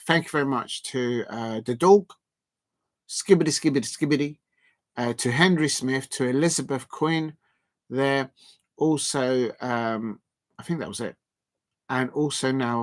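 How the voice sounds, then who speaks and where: A man's voice: mid-range voice, fairly bright tone. A man chats casually on a livestream as its host. He teases, laughs often and repeats his lines for effect. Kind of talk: casual live-stream chat.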